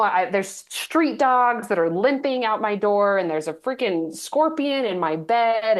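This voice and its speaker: Chatty woman in her thirties from Texas. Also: fairly high pitch. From Texas, United States. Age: 30s. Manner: chatty, animated storytelling with many fillers. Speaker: guest. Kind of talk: casual interview storytelling.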